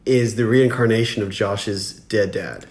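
A man's voice: on the low side, a little slow, echoey room. A man co-hosting a podcast, chatting casually through a movie recap and acting out the characters' lines. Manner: animated, acts out characters' lines. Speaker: podcast co-host.

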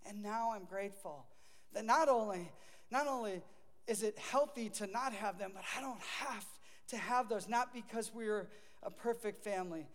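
A man's voice: high voice, moderate pace. A middle-aged male pastor preaching a sermon in a conversational way, acting out the voices he quotes. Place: church sanctuary. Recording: long reverb of a large hall.

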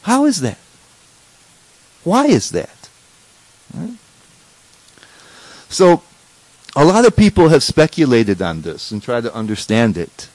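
A man's voice: medium pitch, big pitch swings, slow pace, long pauses, darkish tone, no room sound, rough recording. A man giving a conversational scripture class as a spiritual teacher, often restarting sentences and checking in with rhetorical questions.

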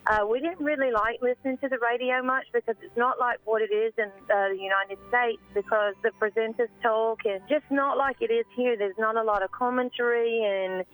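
A woman's voice: fairly high pitch, steady tone, a little fast, few pauses, a bit bright, no echo, low-quality recording. A woman from Scotland calling in to a radio show, chatting easily with frequent fillers. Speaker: caller. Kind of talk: casual phone chat.

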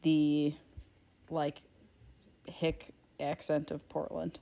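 A woman's voice: low voice, completely flat delivery, very slow, vocal fry, dark tone. A woman co-hosting a film podcast, chatting casually and rambling with lots of filler words. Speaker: podcast co-host.

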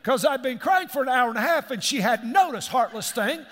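A middle-aged man preaches a sermon in a fairly high voice. He keeps asking his congregation questions as he speaks. His voice rings out with the long reverb of a large church hall. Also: animated, a little fast, fairly bright tone, slight background noise. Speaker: pastor.

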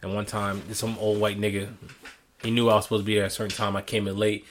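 A man's voice: lowish voice, quick pace, slight background noise. A young man co-hosting a casual podcast, telling stories with plenty of laughter and swearing. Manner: animated storyteller, laughs often, swears freely. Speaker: podcast co-host.

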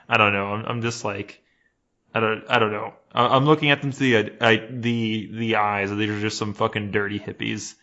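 A man's voice: on the low side, a little fast. A man co-hosting a podcast in casual chat, telling stories with lots of swearing. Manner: profane, animated storytelling with acted-out quotes. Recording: dull lo-fi sound.

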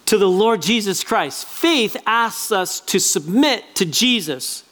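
A man preaching a sermon as pastor, animated and acting out little quoted voices as he talks. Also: high voice.

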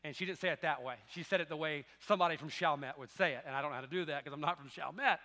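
A man's voice: on the high side, very fast, sharp tone, in a large hall. A middle-aged man with a Southern American accent, preaching a sermon as pastor in folksy storytelling that rises to emphatic preaching. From Southern United States.

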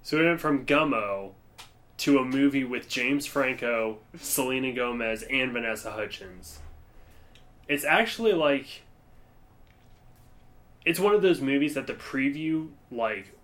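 A young man co-hosts a podcast, rambling casually with many fillers and frequent laughter. His mid-range, fairly bright voice moves at a measured pace with long pauses.

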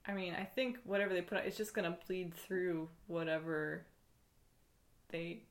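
A woman improvising comedy, talking fast and flustered with many restarts. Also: fairly low pitch, echoey room.

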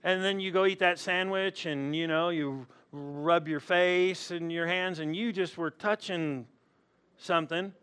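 A man's voice: high voice, steady tone, measured pace, fairly bright tone, clear, resonant tone. A male pastor preaching a sermon in a humorous, storytelling way, acting out the people in his stories.

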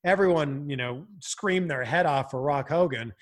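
A man from Canada who hosts and chats casually, animated and quick to laugh, with lots of fillers. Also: on the high side. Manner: animated, laughs often, chatty with many fillers. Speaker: broadcaster and host. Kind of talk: casual podcast chat.

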